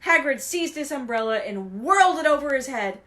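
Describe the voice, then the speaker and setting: A woman reading a novel aloud with expressive, animated storytelling. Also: high voice, a little fast. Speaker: reader.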